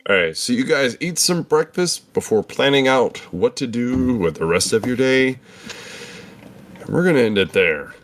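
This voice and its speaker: A man in his forties narrating a tabletop game as game master, animated and checking the rules as he goes. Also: medium pitch, moderate pace, slight background noise.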